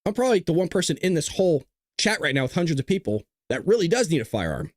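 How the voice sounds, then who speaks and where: A man's voice: a little high, very animated, quick pace, no echo, clean studio sound. Blunt man hosting a live stream. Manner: blunt, casual, combative; clears his throat often. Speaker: show host. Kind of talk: livestream commentary to a chat.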